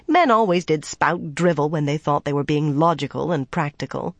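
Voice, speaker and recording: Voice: mid-range voice, no room sound. Dry-sounding audiobook narrator. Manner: measured, even storytelling. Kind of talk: scripted narration.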